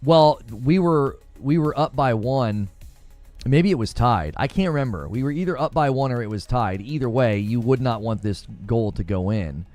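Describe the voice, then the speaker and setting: Male host, lively storyteller, wide pitch swings, light music bed. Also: normal speed. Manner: animated storyteller, acts out quotes. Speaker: podcast host and youth soccer coach. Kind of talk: casual chat.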